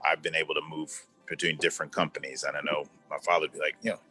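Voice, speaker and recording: A man's voice: rumbling low, little pitch movement, quick pace, sharp tone, soft background music. A man in his fifties, a former executive, talking earnestly as an interview guest and repeating words for emphasis over a video call. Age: 50s. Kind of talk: conversational interview.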